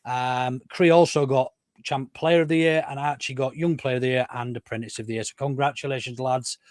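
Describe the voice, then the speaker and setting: A man's voice: medium pitch, fairly even intonation, fairly quick, no room sound, clean studio sound. A man hosting a casual football podcast, steering the chat and putting questions to his guests. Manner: leads the talk, puts questions to the guests. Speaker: podcast host.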